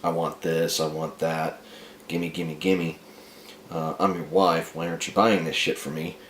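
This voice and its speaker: A woman's voice: extremely low pitch, flat delivery, unhurried, reverberant, a little hiss or hum. A man voicing a spiteful, greedy wife who sneers, swears and bullies her husband. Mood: sneering. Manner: sneering, profane, bullying.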